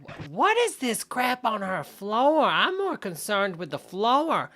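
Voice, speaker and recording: Bright-voiced woman hosting a chatty stream. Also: medium pitch, wildly swooping pitch, slow pace. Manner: chatty, amused, full of asides and y'all. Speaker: host reacting to online videos. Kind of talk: casual commentary livestream.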